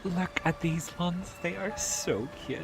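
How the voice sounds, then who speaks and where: A man giving excitable let's play commentary, cooing at the baby creatures in his game. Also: sits high, slow pace, creaky. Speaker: gaming channel host. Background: game music.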